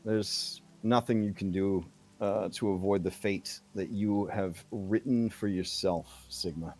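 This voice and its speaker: A man's voice: lowish voice, steady tone, unhurried, darkish tone. A man playing a scoffing, cold villain. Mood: scornful. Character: scornful, threatening man.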